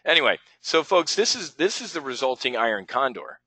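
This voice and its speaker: A man's voice: medium pitch, very animated, fairly quick, pushed and bright, breathy edge, dry recording, rough recording. A man running a live options trading webinar, talking bluntly and rambling with some profanity as he works through trades on screen.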